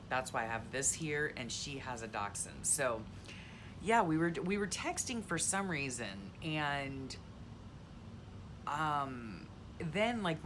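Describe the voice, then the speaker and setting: A woman's voice: very deep voice, background noise. A middle-aged woman chatting casually as she flips through her journal, giggly and full of ums and exclamations. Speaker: journaling channel host. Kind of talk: casual chat while flipping through a journal.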